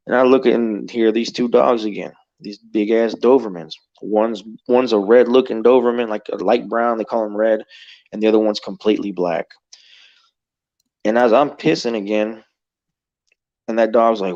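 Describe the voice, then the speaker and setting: Gravelly, profane man telling a story. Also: fairly low pitch, steady tone, normal speed, darkish tone, lo-fi sound. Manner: rambling and profane, heavy on "you know" fillers. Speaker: guest telling an encounter story. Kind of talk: casual spoken storytelling.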